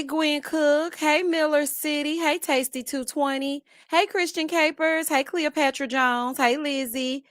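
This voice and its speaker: A woman hosts a casual live stream in a fairly high voice, chatty and sassy. She greets viewers one by one and drops playful asides. The sound is dry and close, with no room echo. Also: fairly bright tone. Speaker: livestream host.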